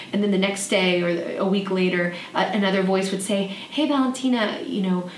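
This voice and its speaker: A woman hosting a podcast, telling a personal story in a soft, reflective way with frequent fillers. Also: medium pitch. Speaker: podcast host. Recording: echoey room, slightly distant mic, faint noise.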